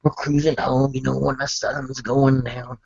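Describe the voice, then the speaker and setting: A man's voice: mid-range voice, level tone, unhurried, gravelly, a little mellow, husky. A man telling a rambling comic story in hip retro slang, full of asides. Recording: dull lo-fi dry sound.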